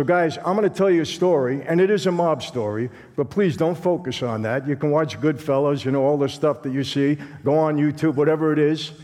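A man's voice: fairly high pitch, a little mellow. A man with a Brooklyn accent, giving a conversational, streetwise testimony sermon as a guest speaker. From Brooklyn, New York. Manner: streetwise, conversational, acts out dialogue. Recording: long hall reverb.

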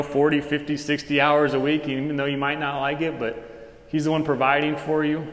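A man delivers a sermon in a loose, conversational manner, slipping into short acted-out exchanges. His voice sits on the higher side. The sound carries a long reverb from a large, echoey church hall. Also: a bit bright. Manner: casual conversational preaching with quick dramatized asides. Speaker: pastor.

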